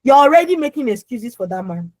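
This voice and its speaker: A young adult woman with a naturally loud voice, coaching an audience on a video call. She is emphatic, repeats words and keeps asking her listeners questions. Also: a little high, big pitch swings, a little fast, no echo, poor audio. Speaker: emotional healing coach. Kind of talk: lively motivational talk on an online call.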